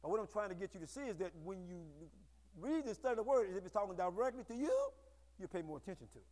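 A man preaching a sermon to his congregation, with call-and-response and bursts of shouting. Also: high voice, sing-song, fast. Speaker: pastor. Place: church sanctuary. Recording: echoey hall.

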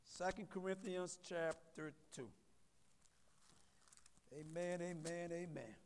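High-voiced preacher in an echoing hall. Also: male voice, steady tone, takes it slowly, slight background noise. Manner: call-and-response preaching, repeats words, rising to loud emphasis. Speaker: pastor. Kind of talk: sermon. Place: church sanctuary. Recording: long reverb of a church hall.

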